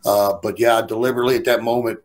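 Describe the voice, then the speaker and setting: A guest storyteller with a medium-pitched male voice races through a casual tale. He's rowdy and profane, animated and laughing as he tells it.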